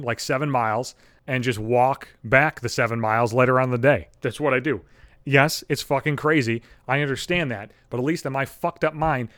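A man's voice: medium pitch, fairly bright tone. A man hosting a solo podcast, rambling through a casual monologue full of profanity. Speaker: podcast host.

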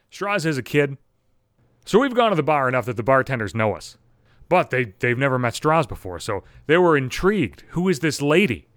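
The recording is clean studio sound with no room echo: a man in his thirties with a slightly high, fairly bright voice tells a funny story. It's a profane monologue where he curses nonstop and keeps getting worked up into rants.

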